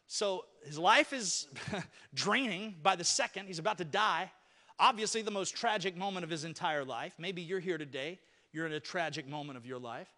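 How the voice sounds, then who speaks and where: A man preaches a sermon in a conversational way, talking to his congregation. His voice sits fairly high for a man. The church adds a long reverb tail. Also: a bit bright. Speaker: pastor. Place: church sanctuary.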